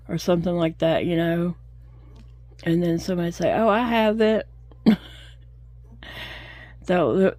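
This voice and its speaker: A woman's voice: lowish voice, darkish tone, dry recording. A middle-aged woman, chatting casually and telling stories, laughing often as she crochets at home. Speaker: crochet vlogger. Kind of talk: casual chat while crocheting.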